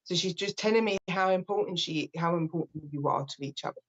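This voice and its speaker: Gentle British woman giving a reading. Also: fairly low pitch, fairly quick. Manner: gentle and reassuring, relays messages with frequent restarts. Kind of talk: live psychic reading. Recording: slightly dull lo-fi sound.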